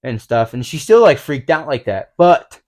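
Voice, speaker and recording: A man's voice: mid-range voice, sing-song, moderate pace, darkish tone. Rambling, swearing man in his twenties. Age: 20s. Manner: rambling, swears often, fills with "like". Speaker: podcast co-host. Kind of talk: casual chat.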